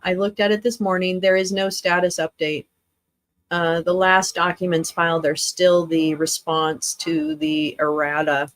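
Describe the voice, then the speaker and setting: A tired woman hosting a livestream, chatting with viewers in a rambling way, swearing and laughing often. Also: on the low side. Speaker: livestream host. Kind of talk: casual livestream chat with viewers.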